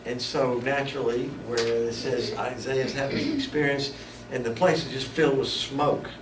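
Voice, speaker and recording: A man's voice: medium pitch, fairly even intonation, moderate pace, distant mic. A man teaching a Bible study in a conversational way, often stopping and restarting his sentences. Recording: echoey room, mic from afar, background noise.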